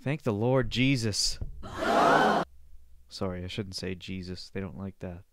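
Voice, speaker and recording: Speaking low and at a measured pace, a young podcast host from Canada talks on his own into a close desk microphone, wandering between topics, cracking jokes, cursing freely and sometimes sniffling. Heavy noise sits in the background.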